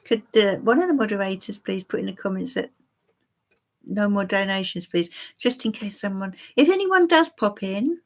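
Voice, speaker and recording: A woman's voice: medium pitch, animated, moderate pace. A woman giving a live-stream tarot reading for viewers, musing and hesitant with many fillers. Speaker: tarot reader.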